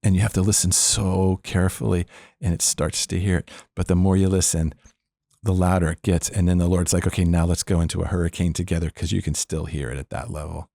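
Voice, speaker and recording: A man's voice: deep voice, steady tone, fairly quick, vocal fry, warm tone, dry recording, clean studio sound. An older man speaking as a podcast guest, teaching about faith in an earnest, emphatic way, repeating phrases and laughing between points.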